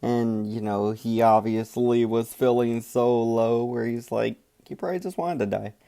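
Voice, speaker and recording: A man's voice: medium pitch, unhurried, vocal fry, dark tone. A man hosting and commenting, speaking frankly and reflectively. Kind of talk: casual commentary.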